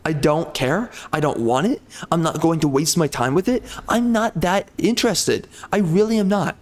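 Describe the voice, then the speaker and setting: A gaming streamer ranting furiously, swearing constantly and circling back to the same complaints. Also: male voice, on the high side, lively intonation, moderate pace. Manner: mocks others in a put-on sugary tone. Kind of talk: angry profane rant.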